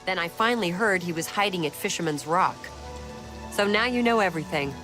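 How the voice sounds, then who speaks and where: A woman's voice: fairly low pitch, fairly quick, a bit bright, soft background music, lightly acted. A woman voicing a blunt, earnest female orc knight in a video game, speaking in plain, simple sentences.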